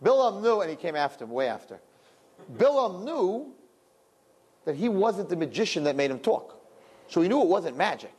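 A man teaching a lively Torah lesson, animated and joking, asking rhetorical questions. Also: high-pitched, normal speed, long pauses, breathy edge.

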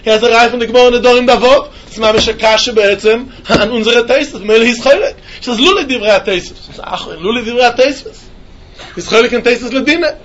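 A man teaching a Talmud lesson in a yeshiva style, with an animated singsong delivery. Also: extremely high pitch, fast talker, lo-fi sound. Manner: animated singsong, mixing Yiddish and Hebrew terms.

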